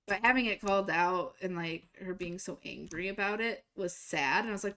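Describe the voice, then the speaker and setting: A young woman streaming a game, telling a personal story in a casual, animated way and jumping higher to act out quoted lines. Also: moderate pace. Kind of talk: casual storytelling while gaming.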